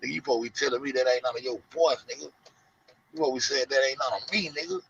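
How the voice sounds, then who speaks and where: A man's voice: medium pitch, rapid-fire, creaky, a bit bright, slight background noise. A man hosting a casual commentary show, rambling and profane, acting out the people he talks about. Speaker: show host. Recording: lo-fi dull audio.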